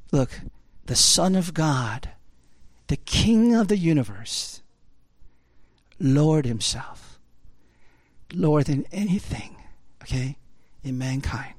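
A male pastor delivers a sermon in a loose, conversational way, leaning on tags like "right?" and "like". His voice sits a bit high for a man. He surges into urgent, raised stretches and then drops into hushed, intense ones, and the close, dry sound keeps every word present. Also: no echo.

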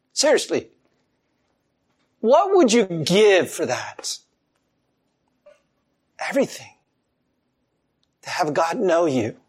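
Animated male preacher with a lively voice. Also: slightly rough. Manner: animated, chuckling, swings between loud emphasis and soft low asides. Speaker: pastor. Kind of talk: sermon.

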